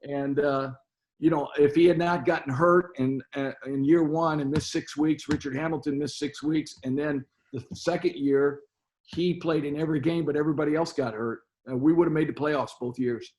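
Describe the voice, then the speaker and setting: A man's voice: on the high side, fairly even intonation, normal speed, darkish tone. An older man, a basketball coach interviewed as a guest, telling long stories, often repeating words and restarting his sentences. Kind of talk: storytelling interview.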